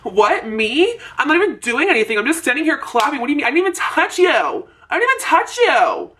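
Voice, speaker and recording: Brief: a high, bright valley girl playing innocent, put on by a woman, heard a little off-mic over faint hiss. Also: sing-song, a little fast, distant mic. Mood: mock-innocent.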